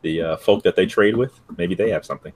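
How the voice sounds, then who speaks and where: A man playing a cleric in a tabletop game, speaking slowly with many pauses and fillers. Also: sits low, a little mellow, breathy edge, no echo. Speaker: player as a cleric. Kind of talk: tabletop role-play.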